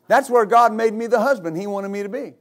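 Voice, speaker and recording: High-voiced male pastor preaching. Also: fairly quick. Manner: storytelling with loud exclamations and laughter. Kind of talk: sermon.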